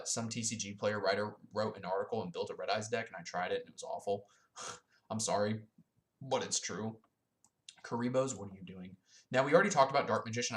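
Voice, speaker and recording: A man's voice: lowish voice, a bit bright. A young man giving blunt, profane, casual commentary on his own, dismissive and full of filler ums. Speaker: YouTuber ranking card game decks.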